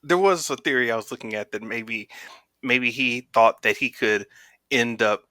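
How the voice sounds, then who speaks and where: A man co-hosting a podcast, chatting casually about movies in a relaxed, thoughtful way. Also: medium pitch, moderate pace, no room sound, studio quality. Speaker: podcast co-host.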